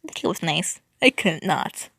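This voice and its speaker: A woman reading a fan fiction story aloud, often tripping over words and restarting. Her voice is low-set and gravelly, and the sound is dry and close. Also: lively intonation, a little slow, fairly bright tone, dry recording. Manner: stumbling, restarting, wry.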